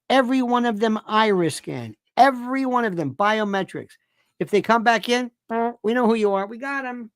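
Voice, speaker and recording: A man's voice: sits high, fairly bright tone, no room sound, clean studio sound. A middle-aged man hosting a talk show, ranting about politics with emphatic, repetitive and sarcastic delivery.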